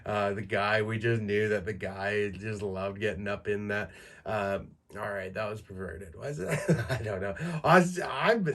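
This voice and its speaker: A man in his thirties from Canada hosts a podcast alone, talking through crude, self-mocking stories. His voice sits a little low, and he keeps breaking into laughter partway through lines. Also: unhurried, fairly bright tone. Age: 30s. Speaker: podcast host. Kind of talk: casual monologue.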